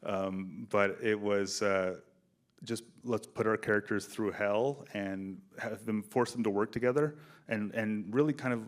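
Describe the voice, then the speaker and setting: A man with a fairly low voice tells behind-the-scenes stories at a film festival Q&A. He talks in a relaxed, animated way and jumps into quoted lines as he goes. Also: unhurried. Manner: animated storyteller, acts out quoted dialogue. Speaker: film director. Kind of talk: festival Q&A interview. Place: theater stage, in front of an audience.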